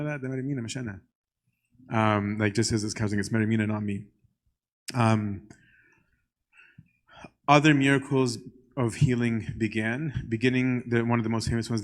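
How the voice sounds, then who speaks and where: A male priest giving a casual church teaching talk, conversational and full of "um" and "right?". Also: fairly low pitch. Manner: conversational, often asks "right?"; frequent "um" fillers.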